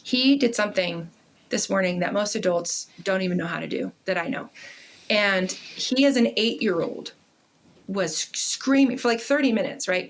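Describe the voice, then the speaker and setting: A middle-aged woman speaking as a guest on a podcast, at an ordinary mid pitch for a woman. She tells a personal story in a casual, animated way, and swearing slips in now and then. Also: normal speed.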